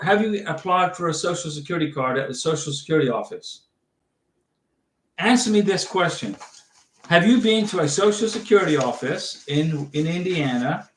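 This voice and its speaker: A man hosting a casual livestream Q&A, talking chattily, repeating himself and giving emphatic step-by-step instructions. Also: a little high. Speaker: livestream host answering viewer questions. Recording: roomy echo, distant from the mic.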